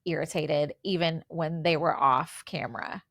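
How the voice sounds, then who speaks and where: A woman's voice: sits low, fairly even intonation, moderate pace, gravelly, fairly bright tone, no room sound. A woman in her forties co-hosting a casual podcast, chatting through film trivia with lots of fillers. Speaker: podcast co-host. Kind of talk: casual chat.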